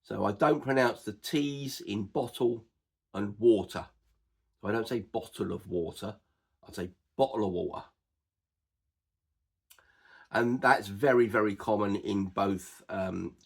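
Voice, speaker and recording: Gravelly man with an Estuary English accent. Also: lowish voice. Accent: Estuary English, Cockney-like. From edge of East London and Essex, England. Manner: unhurried explaining, with frequent "uh" and "um". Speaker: dialect explainer. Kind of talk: informal spoken lesson.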